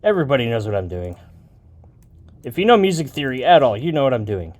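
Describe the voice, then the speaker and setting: A man's voice: medium pitch, big pitch swings, fast, a little mellow. A man thinking aloud and joking as he makes a beat, with a rambling, offhand manner. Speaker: music producer. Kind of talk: casual talk while making a beat.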